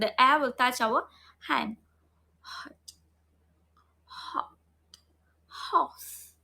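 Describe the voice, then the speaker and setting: This woman's voice sits high and sounds sharp as she teaches phonics online. She says every sound repeatedly, shows learners the mouth shape and breathing, and keeps checking in with them.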